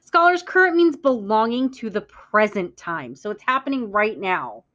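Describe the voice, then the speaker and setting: Clear-voiced teacher woman, muffled audio. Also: mid-range voice, big pitch swings, a bit bright. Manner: clear, deliberate teacher talk with stressed words for echoing. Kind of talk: classroom vocabulary lesson.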